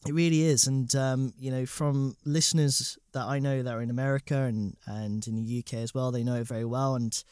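A man's voice: medium pitch, steady tone, a little fast, few pauses, a little mellow, smooth, no echo. A man hosting an interview, responding appreciatively with a few hesitations. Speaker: host.

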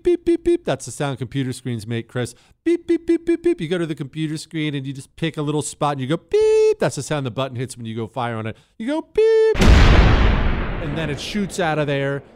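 Animated talk radio host, smooth dry voice. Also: male voice, no room sound. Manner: animated, sarcastic, jumps to high silly voices and sound effects. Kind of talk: opinionated casual monologue.

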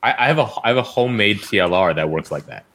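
A man in a casual group chat, curious and excitable, firing off questions. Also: lowish voice, fast.

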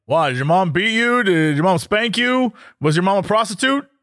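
A man's voice: high-pitched, lively intonation, normal speed, a bit bright. A man reading the lines of a brash, middle-aged male radio shock jock who fires off blunt, probing questions. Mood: prying.

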